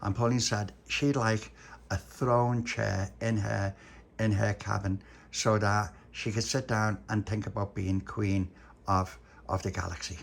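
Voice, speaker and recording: A man's voice: on the low side, level tone, unhurried, gravelly. A man improvising a playful family bedtime story, rambling and restarting his sentences.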